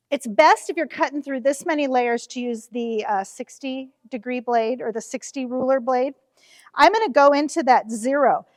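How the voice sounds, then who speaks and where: Standing at the cutting table in her quilt shop, a high-pitched woman from Nebraska, US, casually demonstrates a quilting ruler at a moderate pace. She's friendly and chatty with lots of fillers, and the clean studio sound has no echo but a big-room feel.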